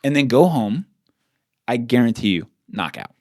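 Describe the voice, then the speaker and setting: A man's voice: mid-range voice, sing-song, a little mellow. Blunt, swearing man ranting on a podcast. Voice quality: blunt, profane and emphatic. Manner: fast rants with repeated "like". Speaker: podcast co-host. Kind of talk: casual podcast chat.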